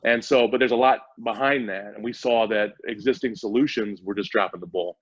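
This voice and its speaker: A man's voice: lowish voice, a little fast, husky, no echo. A man speaking as a startup CEO guest in a casual interview, eager and explaining at length with frequent restarts. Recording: dull, dry lo-fi audio.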